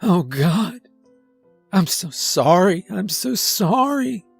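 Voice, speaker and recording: A man's voice: high voice, very animated, slow, vocal fry, husky, no echo, soft background music, voice pushed up, heavily acted. Man voicing a guilt-stricken sobbing intruder, raised and strained. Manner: sobbing, apologetic. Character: panicked remorseful sobbing intruder.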